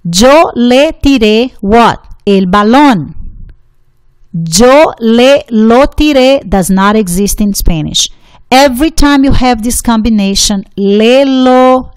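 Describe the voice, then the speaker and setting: A woman teaching a Spanish grammar lesson in English, explaining deliberately and repeating the rules for emphasis. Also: a little high, smooth, no echo.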